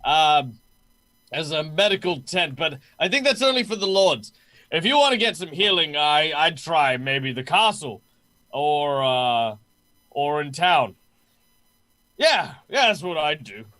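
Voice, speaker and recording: A man's voice: on the high side, sing-song, a little slow, pushed and bright, full character voice. A man voicing a cheerful, generous male lord who hosts a feast for the players in a tabletop game. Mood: jovial. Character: jovial hearty male lord hosting a feast.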